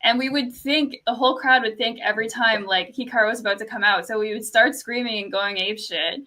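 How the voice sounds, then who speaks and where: A young woman from Canada tells a story in relaxed conversation. Her speaking voice is quiet and fairly high, with a bright, clear edge. She fills her sentences with "like" and small laughs. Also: brisk, low-quality recording. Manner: soft-spoken storyteller, lots of "like" and laughs. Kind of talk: casual chat.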